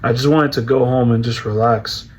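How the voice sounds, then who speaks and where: A young vlogger casually recounts something that happened to him, rambling, repeating words and restarting, with heavy use of "bro" and "like." His voice is mid-range and steady at a moderate pace, but the audio quality is poor.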